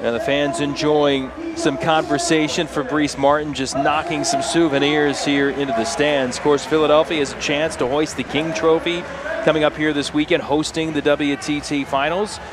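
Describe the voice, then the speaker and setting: A man doing live play-by-play tennis commentary, brisk and informative. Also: a little high, steady tone, heavy background noise.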